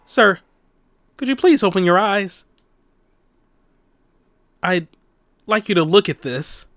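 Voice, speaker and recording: A man voicing a teary, earnest male deputy who pleads in a hushed, insistent voice. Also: high-pitched, expressive, slow, dry recording, heavily acted. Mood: urgent pleading.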